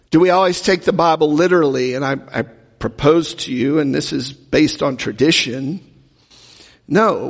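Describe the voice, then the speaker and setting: A man's voice: a little high, vocal fry, husky, in a large hall. A man preaching a teaching sermon, talking in a conversational way and often asking the audience questions. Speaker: pastor teaching a Bible class.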